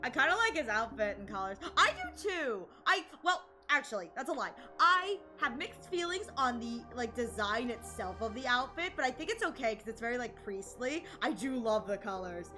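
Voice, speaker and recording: Give me a bubbly woman streamer reacting to a game, with a high, bright voice. She gushes and rambles in excited asides, and faint music plays behind her. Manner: bubbly, gushing, quick asides. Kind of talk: excited live gameplay commentary.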